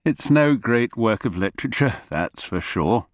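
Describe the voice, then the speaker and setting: A man's voice: medium pitch, expressive, unhurried, no echo, studio quality, lightly acted. A man doing a worldly Corsican-accented businessman. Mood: matter-of-fact. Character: wealthy middle-aged Corsican man, calm, worldly.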